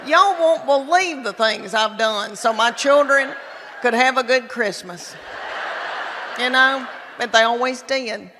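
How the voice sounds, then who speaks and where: A woman in her fifties with a Southern US accent, telling chatty, folksy stories in a stand-up comedy set. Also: fairly high pitch. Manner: chatty, folksy storytelling with drawn-out asides. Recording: long hall reverb, clear crowd noise.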